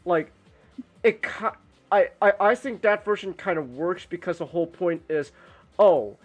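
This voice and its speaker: A man's voice: high-pitched, unhurried, faint music behind. A man streaming casually while drawing, rambling with lots of restarts and swearing.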